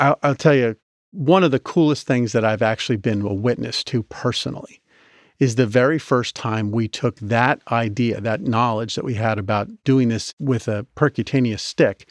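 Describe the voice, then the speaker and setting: A man being interviewed on a podcast, telling stories in an animated, chatty way with many restarts. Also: medium pitch, normal speed, no echo, studio quality. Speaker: guest, medical device inventor.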